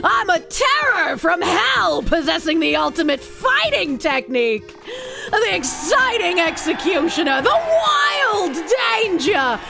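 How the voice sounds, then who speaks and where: A woman voicing a loud, boastful male wrestler who brags and bellows as he makes his entrance in a game. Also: extremely high pitch, big pitch swings, takes it slowly, creaky, loud music behind the voice, pitched above the performer's own voice, heavily acted. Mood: boastful shouting. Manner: bellowing, bragging.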